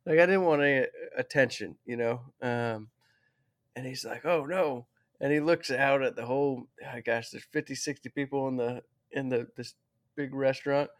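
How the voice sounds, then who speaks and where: A man's voice: medium pitch, steady tone, moderate pace. A man who is a guest on an interview show, telling a story in a rambling, heartfelt way and often correcting himself.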